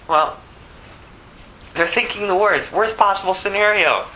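A man's voice: mid-range voice, big pitch swings, normal speed, pauses often, sharp tone, slight background noise, poor audio. A man preaching a conversational sermon, asking rhetorical questions and restarting phrases often. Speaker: pastor.

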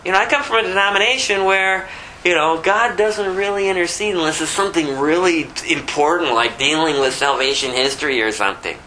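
An older man giving an informal, conversational sermon, animated and full of rhetorical questions. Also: a little high, brisk, a little hiss or hum, rough recording. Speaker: preacher.

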